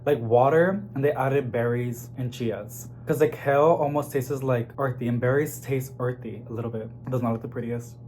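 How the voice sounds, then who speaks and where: A chatty man vlogs from his home kitchen, rambling excitedly to viewers he calls y'all. His voice sits at a middle pitch for a man. A steady hiss of noise runs under the phone recording. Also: normal speed, hardly any pauses. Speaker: plant vlogger. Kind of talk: casual chatty vlog. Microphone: phone camera.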